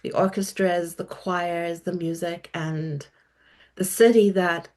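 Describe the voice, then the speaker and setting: A woman's voice: lowish voice, steady tone, takes it slowly, a little mellow. A middle-aged woman guest author talking about her work in a podcast interview, articulate and enthusiastic. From South Africa.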